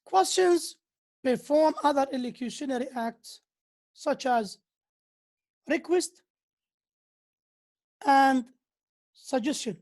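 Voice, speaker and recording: A woman's voice: high voice, slow, pauses often, a little mellow. A woman giving a university English lecture. She slips into to explain, and she acts out the example sentences with exaggerated intonation.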